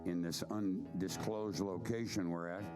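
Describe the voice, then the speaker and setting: At a live show with an audience, a bandleader and singer chats casually between songs in a folksy, rambling way, dropping the odd "by God" while guitar plays behind him. His voice is low, fairly even in intonation and a little slow.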